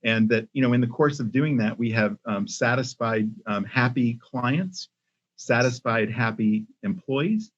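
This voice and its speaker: An older man, a company CEO, speaking as a podcast guest in a measured way with many pauses and restarts. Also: medium pitch, husky. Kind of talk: casual interview talk. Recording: muffled lo-fi audio.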